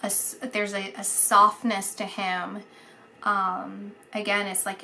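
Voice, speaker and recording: A woman giving a casual psychic reading, halting and searching for words, dropping to a whisper at times. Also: medium pitch, level tone, slight background noise. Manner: soft, dreamy, drops to a whisper at times. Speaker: psychic reader.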